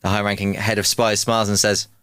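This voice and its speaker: A man co-hosting a podcast, telling jokes in a casual, animated storytelling way. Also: fairly low pitch, fast, smooth, dry recording, clean studio sound. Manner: animated storytelling, laughs often. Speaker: podcast co-host. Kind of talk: casual joke-telling chat.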